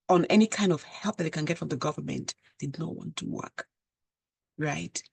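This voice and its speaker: A woman's voice: low voice, gravelly, darkish tone, slightly rough, dry recording. An African-born woman with an African accent, speaking earnestly to the viewer in a commentary; English is not her first language. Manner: earnest, addresses the viewer as "you". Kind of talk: direct-to-camera commentary.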